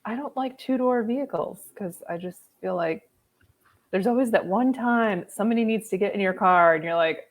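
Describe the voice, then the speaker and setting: A young woman chats casually as a podcast guest, giggling often and eagerly reeling off trivia. Her voice sits at an everyday middle pitch. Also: normal speed. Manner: chatty, giggly, shares trivia. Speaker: guest co-host.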